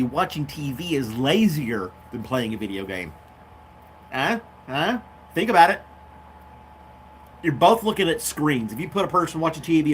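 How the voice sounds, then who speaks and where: Rambling man with a slightly high voice. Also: a bit bright, slight background noise. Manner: rambling, off-the-cuff, talks to his dog. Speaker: podcast host. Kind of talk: casual chat.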